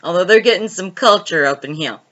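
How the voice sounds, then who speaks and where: A woman's voice: fairly low pitch, animated, a little fast, a bit bright, muffled recording. A woman hosting a casual late-night live stream, reading viewer comments aloud, laughing often and telling stories. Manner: chatty storytelling.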